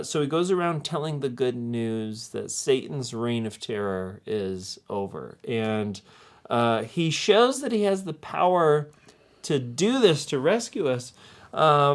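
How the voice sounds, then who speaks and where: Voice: mid-range voice, big pitch swings, measured pace. A youth ministry host making jokey announcements and then giving a Bible recap. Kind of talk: playful hosting and Bible recap.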